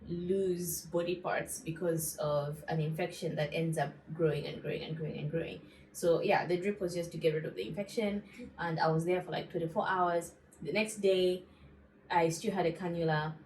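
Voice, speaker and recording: A young woman from Zambia telling a story in a casual, animated way while going through her skincare routine, with lots of asides to her viewers. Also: lowish voice, roomy sound, slight background noise, poor audio. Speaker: beauty vlogger.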